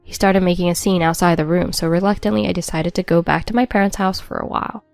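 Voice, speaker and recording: A woman's voice: on the low side, fairly even intonation, fast talker, vocal fry, no room sound, soft background music. A woman narrating a first-person story in a wry, matter-of-fact scripted read.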